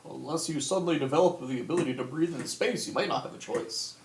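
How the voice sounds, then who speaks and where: A man's voice: on the high side, quick pace, creaky. Dry-witted man in an echoey room. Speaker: player. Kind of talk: casual play chat. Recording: echoey room with faint noise.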